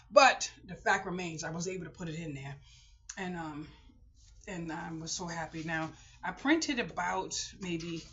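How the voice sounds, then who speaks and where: A woman's voice: deep voice, fairly bright tone. A woman vlogger talking casually to her viewers, rambling and heartfelt with lots of fillers. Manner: rambling and heartfelt, many fillers, talks to viewers as "boys and girls". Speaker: frugal living vlogger. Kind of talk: casual personal chat to camera. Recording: dull lo-fi recording with faint noise.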